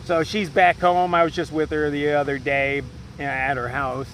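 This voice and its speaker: High-voiced man ranting, swearing freely. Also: flat delivery, moderate pace, fairly bright tone, a little hiss or hum, low-quality recording. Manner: profane, agitated storytelling with many fillers. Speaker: solo trail hiker vlogger. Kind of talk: rambling casual rant.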